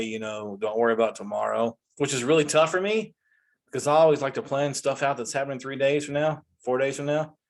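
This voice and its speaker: Forties male comedy host, mid-pitched, animated exasperated rant full of restarts. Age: 40s.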